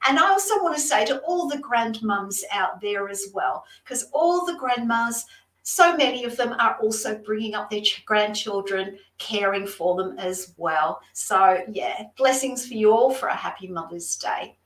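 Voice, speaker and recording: An Australian woman gives psychic card readings as a guest on a livestream, chatting effusively and speaking directly to her viewers. Her mid-range voice is expressive and a bit bright, at a moderate pace. The room sounds roomy and the mic is distant.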